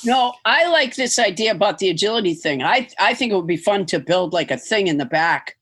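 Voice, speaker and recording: A woman comedian and podcast host chatting wryly and reading a comic monologue, deadpan at times and bursting into shouted mock excitement. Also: medium pitch, brisk. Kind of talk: comic chat and scripted comic monologue. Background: music.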